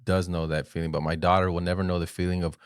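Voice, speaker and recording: A man co-hosting a podcast, telling animated stories in casual chat and jumping up in pitch when he quotes people. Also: quick pace, clean tone, no room sound, studio quality. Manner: animated storyteller who jumps high when quoting people. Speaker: podcast co-host.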